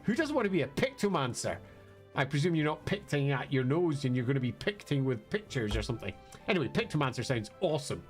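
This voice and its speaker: A man's voice: medium pitch, big pitch swings, quick pace, soft background music. A British man streaming a game, chatting playfully with viewers in self-mocking asides. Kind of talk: let's play commentary.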